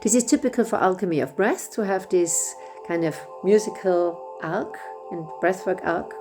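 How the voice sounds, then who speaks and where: A middle-aged woman whose first language is German, guiding a breathwork session in a gentle, unhurried way with small restarts. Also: fairly low pitch, faint music behind. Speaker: breathwork facilitator. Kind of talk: guided breathwork instruction.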